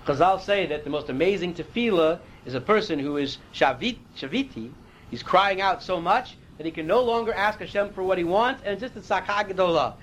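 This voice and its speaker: A man's voice: high voice, lively intonation, a little fast, fairly bright tone, slight background noise, poor audio. A man teaching a Torah class, reading Hebrew verses and explaining them in a casual, conversational way, sometimes losing his place.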